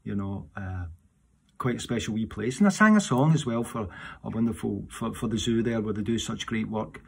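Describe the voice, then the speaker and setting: Gravelly, husky Scottish man chatting. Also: fairly low pitch, normal speed. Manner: rambling, restarts often, warm; animated while seated. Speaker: singer answering audience questions. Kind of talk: casual chat.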